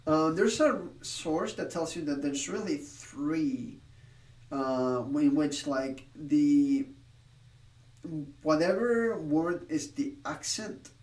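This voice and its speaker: Streamer, male, somewhat high voice, thinks aloud and corrects himself as he explains, heard off-mic. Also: expressive, slow pace, a little mellow, echoey room, recorded from a distance. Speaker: streamer learning a language. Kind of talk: casual live-stream study session.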